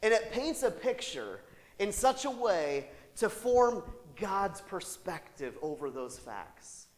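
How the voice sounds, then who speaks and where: A male pastor delivers a sermon in a church sanctuary. His pitch swings all over as he preaches, lively and conversational, with quick asides to the congregation. A long, lingering hall reverb trails every phrase. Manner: animated, with rhetorical asides and laughter.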